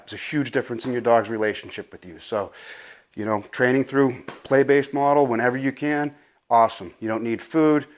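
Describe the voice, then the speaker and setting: Breathless, chatty man teaching dog training. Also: medium pitch. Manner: loose, profane, says "right?" a lot. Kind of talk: casual instructional talk. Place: home garage.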